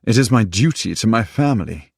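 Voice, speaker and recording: A man's voice: on the low side, animated, fairly quick, gravelly, husky, no room sound, studio quality, pitched above the performer's own voice, exaggerated voice. A man reading an audiobook, voicing an earnest sixteenth-century knight who speaks in a formal, old-fashioned way. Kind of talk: audiobook character voice.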